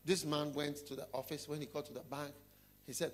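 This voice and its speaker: A man preaching a sermon, telling a story and putting questions to his listeners, often dropping low and quiet. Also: little pitch movement, fairly quick.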